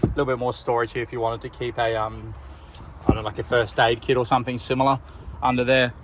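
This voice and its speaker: A man with an Australian accent, a car salesman giving a relaxed walkaround tour of a vehicle, pointing out features as he goes. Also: medium pitch, quick pace, a little hiss or hum. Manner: relaxed, plain-spoken, pointing things out as he goes. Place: outdoors around a car, then inside it.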